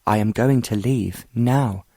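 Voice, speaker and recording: A man's voice: on the low side, slow pace, warm tone, no room sound, clean studio sound. A man voicing a frightened but defiant young noblewoman, pleading and protesting desperately.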